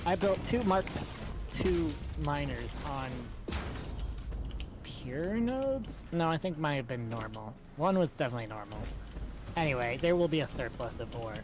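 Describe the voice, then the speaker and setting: A woman's voice: deep voice, lively intonation, a little slow, noisy background. A sleep-deprived woman streaming a game, rambling and thinking aloud as she plays. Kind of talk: casual chat while gaming.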